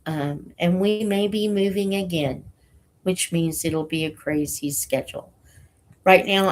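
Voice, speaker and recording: Woman host with a cold, breathless; slow, halting casual chat to camera viewers. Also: on the low side. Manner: slow, halting, with many fillers. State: has a cold, short of breath. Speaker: channel host reading books aloud for students.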